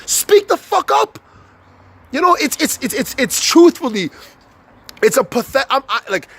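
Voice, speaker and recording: This young man vlogging to camera has an extremely high, slightly bright voice. His unscripted motivational rant is loaded with profanity and repetition, and he keeps stumbling, starting over and getting angrier.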